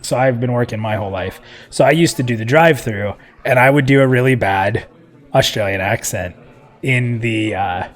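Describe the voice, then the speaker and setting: A man's voice: mid-range voice, moderate pace. A man hosting a live stream show in casual chat, joking and chatty, laughing often.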